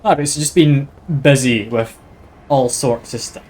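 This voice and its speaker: A man's voice: medium pitch, fairly even intonation, a little slow, a little mellow. A man with a Scottish accent chatting casually with his viewers while live-streaming a video game. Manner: chatty, easygoing, talks to chat while playing.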